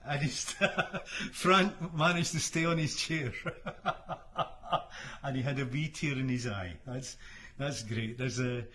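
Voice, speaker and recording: Chuckling Scottish man, slow talk. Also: mid-range voice, bright, forceful tone. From Scotland. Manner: rambling, chuckling often, trails off with ums. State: hay fever. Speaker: singer and musician hosting a livestream. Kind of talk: casual chat between songs. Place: at home in Florida.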